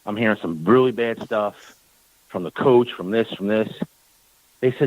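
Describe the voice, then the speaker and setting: A man's voice: on the low side, normal speed, no room sound, phone-quality sound. A man, a team owner, telling a long story on a talk radio show, acting out the exchanges and repeating words when worked up. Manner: animated storyteller, acts out quoted exchanges.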